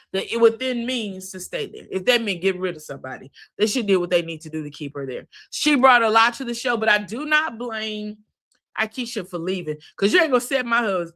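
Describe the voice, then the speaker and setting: Woman, sassy, chatty recap, bright tone. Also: mid-range voice. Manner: sassy, chatty, lots of asides and laughs. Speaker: reality TV recap host. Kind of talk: casual recap commentary.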